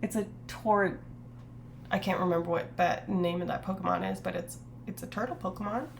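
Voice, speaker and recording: A woman's voice: lowish voice, steady tone, normal speed, vocal fry, slight background noise. A woman streamer chatting casually on a live stream, rambling with lots of fillers and self-corrections, reading her chat aloud. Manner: reads chat aloud and reacts.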